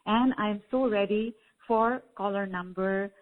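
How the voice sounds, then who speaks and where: A woman spiritual teacher, a guest on a call-in show, explaining in a measured, affectionate way. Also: mid-range voice. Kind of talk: call-in coaching talk. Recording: phone-line call audio.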